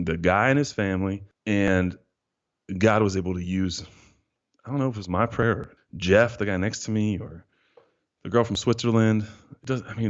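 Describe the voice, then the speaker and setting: A man in his thirties telling a personal story casually on a podcast, animated and saying "dude" a lot as he acts out his own thoughts. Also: fairly low pitch. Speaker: guest. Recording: dull lo-fi podcast audio.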